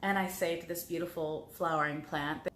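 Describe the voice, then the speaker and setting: Heartfelt woman telling stories, low voice. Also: steady tone, normal speed, fairly bright tone, reverberant, slight background noise. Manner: heartfelt, repeats words as she recalls. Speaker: guest on a spiritual talk show. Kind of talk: personal storytelling.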